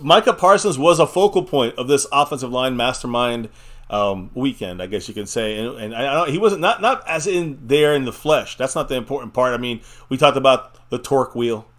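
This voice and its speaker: A man's voice: mid-range voice, animated, a little fast, fairly bright tone. A man hosting a live fan chat stream, talking casually and rambling, with frequent laughs and the odd swear.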